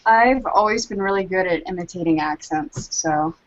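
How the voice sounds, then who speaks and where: A woman's voice: lowish voice, moderate pace, dull audio. A woman from Charleston chatting casually on a podcast, rambling with lots of likes and ums. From Charleston, South Carolina, US. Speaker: guest artist.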